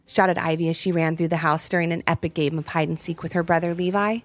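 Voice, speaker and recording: A woman narrating a children's story in a lively, expressive way, jumping high for the quoted voices. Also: fast talker, hardly any pauses, dry recording, soft background music.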